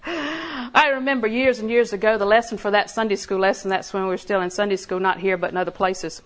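A woman's voice: medium pitch, brisk. A woman preaching a sermon in a conversational way, laughing often and building emphasis.

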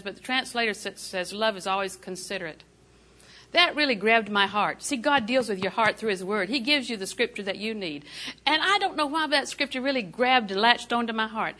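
Bright-voiced older woman preaching with humor. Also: fairly high pitch. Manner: folksy, humorous storytelling with frequent laughs. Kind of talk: sermon.

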